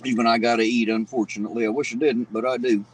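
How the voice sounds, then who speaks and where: A man's voice: medium pitch, flat delivery, quick pace, slight background noise, rough recording. Folksy man chatting on a livestream. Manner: folksy, joking, greets chatters by name; eats and talks between bites. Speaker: livestream host. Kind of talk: casual live-stream chat with viewers.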